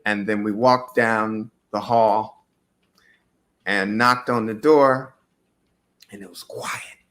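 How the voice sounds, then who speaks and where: A man's voice: on the low side, steady tone, takes it slowly, fairly bright tone. A man, a musician guest, telling a loose, rambling story in a casual interview, with many fillers.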